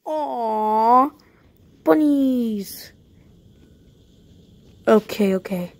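A woman narrates a roleplay game as she plays it, talking straight to her viewers. Her voice sits a little high, and she turns jumpy at once, piling up quick panicked no's. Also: animated, a little mellow. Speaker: YouTuber playing a roleplay game. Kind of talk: live gameplay commentary.

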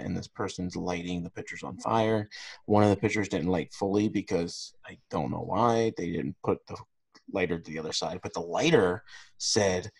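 A man with a low, husky voice talks through a podcast in loose, rambling casual chat. He trips over his words and restarts often, with plenty of fillers. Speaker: podcast co-host.

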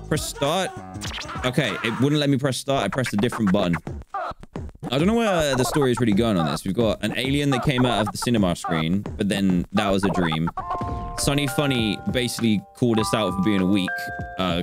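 A young man chats his way through a video game, excitable and joking, and laughs often. His voice jumps around a lot, and game music plays behind him. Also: mid-range voice. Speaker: gaming YouTuber. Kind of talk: casual gameplay commentary.

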